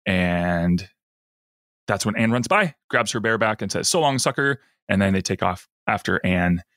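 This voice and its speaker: Podcast co-host, male, low-pitched, lively storyteller, dry recording. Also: measured pace, no echo. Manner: animated retelling, acting out lines in a raised voice. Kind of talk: casual chat recapping an episode.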